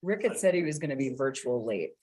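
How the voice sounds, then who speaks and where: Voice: medium pitch, expressive, quick pace, darkish tone, husky, no echo, poor audio. A council staffer giving practical instructions on the video call setup before a meeting. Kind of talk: casual chat about the video call setup. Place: council chamber.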